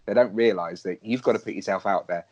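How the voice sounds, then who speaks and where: A man's voice: on the low side, fast talker, a little mellow, husky, lo-fi sound. Chatty male interviewer. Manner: chatty, banters with guest. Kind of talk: casual interview questions.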